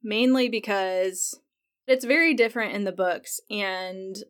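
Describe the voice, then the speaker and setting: A woman's voice: medium pitch, measured pace, fairly bright tone. A chatty woman with a mid-range voice, recapping a TV episode in a casual, conversational way. She leans on "like" often and retells scenes with real feeling. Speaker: podcast host.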